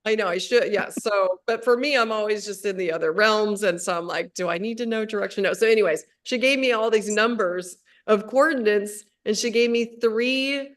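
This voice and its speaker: A woman's voice: mid-range voice, normal speed, hardly any pauses. A woman hosting a casual spiritual conversation on a live video stream. She rambles, restarting her sentences and filling gaps with "um" and "like". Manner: rambling, with many restarts and fillers. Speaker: host of a spiritual livestream.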